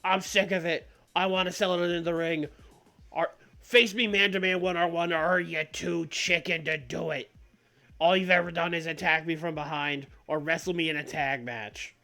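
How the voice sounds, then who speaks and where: A man putting on the voice of a fired-up adult male wrestler, delivering a loud, riled-up challenge to a rival. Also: on the high side, steady tone, normal speed, vocal fry, voice pushed up.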